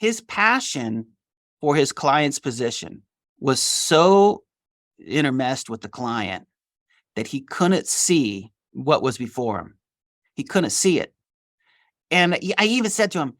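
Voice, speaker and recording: A middle-aged man, a litigation attorney, talks as an interview guest. His pitch swings widely as he tells a story from his career and acts out the dialogue. The sound is dry and close. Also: unhurried, dry recording. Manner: animated, acts out quoted dialogue.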